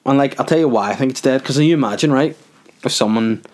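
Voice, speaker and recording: A man's voice: medium pitch, fast talker, a little mellow. A man hosting a podcast in a casual, rambling comedic monologue, full of "like" and swearing. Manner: rambling, jokey, with frequent swearing and "like". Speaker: podcast host and comedy club runner.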